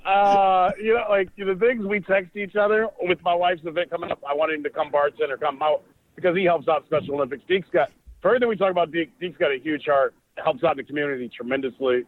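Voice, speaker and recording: Male co-host, rambling and jokey, fairly high voice, narrow phone-like sound. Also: steady tone, fast talker. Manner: rambling, conversational, jokey asides. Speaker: podcast co-host. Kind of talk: casual chat. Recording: dry, tinny phone-like line.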